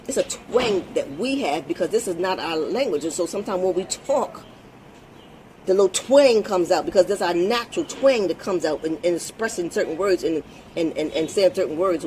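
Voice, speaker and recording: A woman's voice: lowish voice, darkish tone, a little hiss or hum. A woman hosting her own vlog, talking bluntly and emphatically in an unscripted monologue, swearing freely and repeating words as she restarts. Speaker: vlog host.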